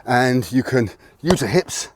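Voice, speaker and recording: A martial arts instructor explains how to punch in a video lesson filmed outdoors by a tree. He speaks at a measured pace and medium pitch with lively intonation, casually correcting himself while a little out of breath. Slight background noise can be heard.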